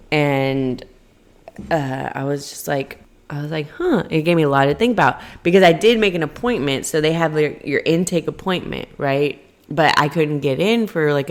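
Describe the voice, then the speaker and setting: A young adult woman casually telling a personal story to camera, chatty and animated, acting out quoted lines in a higher voice. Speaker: vlogger.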